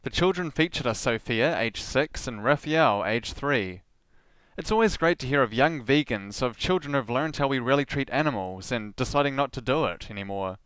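A man narrating his podcast from a script, earnest with a dry wry streak. His voice is smooth and clean, close on the mic in a dead, dry room. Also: mid-range voice, expressive, moderate pace, fairly bright tone, no echo. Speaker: podcast host.

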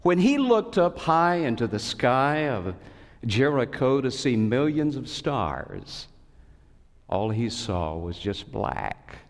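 A man preaching a sermon as a pastor, telling a story with expressive swings and sudden high cries. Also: slow pace. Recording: long reverb of a large hall.

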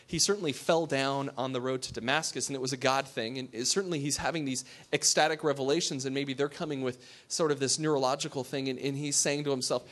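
A pastor giving a sermon. He talks in a conversational way, asks his listeners questions and drops to a hush for emphasis. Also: mid-range voice, fairly even intonation, fast, few pauses.

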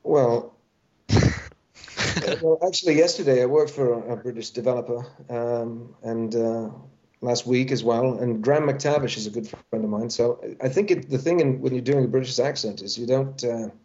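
A man's voice: mid-range voice, moderate pace, warm tone. Middle-aged guy rambling about voice work, lots of restarts, kinda dull lo-fi audio. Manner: rambling, self-correcting, playful. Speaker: voice actor guest. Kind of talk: casual interview chat. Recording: dull lo-fi sound.

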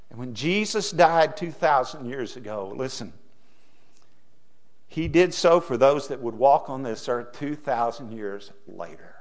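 A middle-aged man preaching a sermon as pastor, folksy, swinging from hushed asides to loud emphasis. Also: medium pitch, lively intonation, measured pace.

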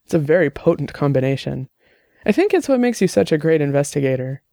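A woman's voice: deep voice, very animated, quick pace, vocal fry, dark tone, no echo, clean studio sound, exaggerated voice. A man reading the part of a chatty young woman programmer, bubbly and teasing, in an audiobook.

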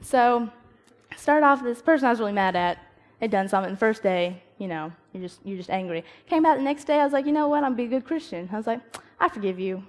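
A woman's voice: fairly high pitch, lively intonation, quick pace. Chatty young woman in a hall. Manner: chatty, storytelling, acts out her own inner dialogue. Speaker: youth speaker. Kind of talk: informal devotional talk. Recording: long reverb of a hall.

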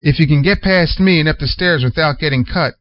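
A gruff, taunting uncle with a raised, loud voice, as a man reading a story puts him on. The sound is dull and lo-fi, with a dry, close feel. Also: on the high side, a little fast, no echo, voice pushed up, natural voice.

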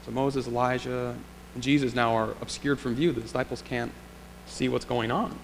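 A male pastor preaches a sermon in a church sanctuary, reflective and conversational, posing rhetorical questions. His mid-range voice has fairly even intonation and a moderate pace. The recording carries long church reverb and a faint hum.

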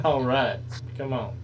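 A man's voice: medium pitch, drawn-out words, recorded from a distance, muffled recording, slight background noise. A man hosting a podcast, rambling through crude comedic bits in casual chat. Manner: jokey, rambling, crude humor. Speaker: podcast host.

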